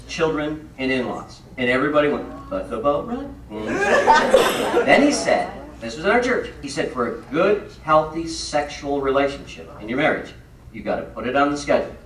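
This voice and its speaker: A man's voice: a little high, background noise. A man telling comic stories on stage to a live audience, acting out the dialogue with shifting voices. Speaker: comedic speaker. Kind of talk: storytelling stand-up on stage. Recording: echoey hall, mic at a distance, loud audience.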